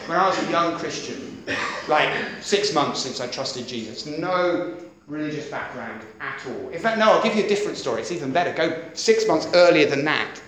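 A middle-aged man preaching a sermon in a lively, conversational way, often checking that his listeners follow. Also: a little high, normal speed, a little hiss or hum. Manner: lively, conversational, keeps asking "does that make sense?". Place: church hall. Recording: echoey church hall.

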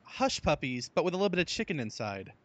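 Animated man with dry quips. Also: a little high, quick pace, no echo. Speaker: podcast co-host. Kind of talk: casual chat.

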